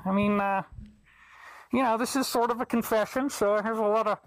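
A man in a played video, voicing an odd masked alien who rambles in a halting, mock-sincere way full of fillers. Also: high voice, steady tone, no echo, rough recording. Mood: mock-earnest. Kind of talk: comedic character monologue in a video.

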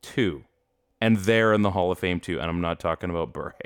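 A man co-hosting a casual sports talk show, animated and jokey, laughing often. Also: low-pitched, brisk, clear, resonant tone. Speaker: podcast co-host.

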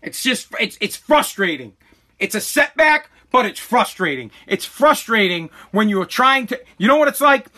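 A man's voice: high-pitched, big pitch swings, moderate pace, bright, forceful tone. A man who makes online content, ranting angrily to camera, repeating himself and swearing. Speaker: content creator. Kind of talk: angry rant to camera.

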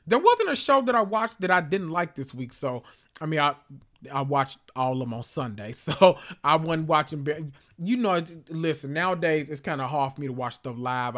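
A man's voice: on the high side, a bit bright. A man hosting a podcast, recapping reality TV in casual, sassy, profane talk full of asides. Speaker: podcast host.

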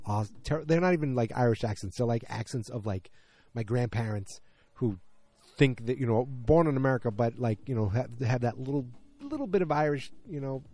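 Male podcast host, mellow tone, rambles, self-deprecating asides. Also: medium pitch. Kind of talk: casual chat, reading a listener message aloud.

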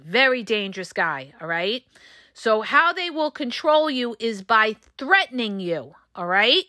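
Woman podcast host, fired-up and blunt, bright forceful voice, dry close sound. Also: on the high side, dry recording. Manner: passionate, emphatic, blunt with swearing. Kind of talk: solo podcast talk.

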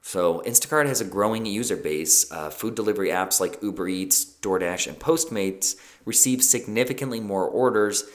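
Male podcast host with a lowish voice, loose and chatty, many fillers and restarts. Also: moderate pace, hardly any pauses. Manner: conversational, with frequent fillers and self-corrections. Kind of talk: casual solo podcast talk.

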